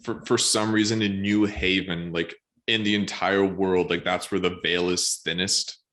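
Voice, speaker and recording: A man co-hosting a podcast, musing about a book in a hesitant, casual way with many pauses and fillers. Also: deep voice, steady tone, fairly bright tone. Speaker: podcast co-host.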